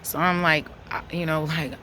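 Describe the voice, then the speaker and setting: A woman, telling a story to camera in a blunt, profane, animated way. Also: low voice, moderate pace, a little hiss or hum. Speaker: vlogger.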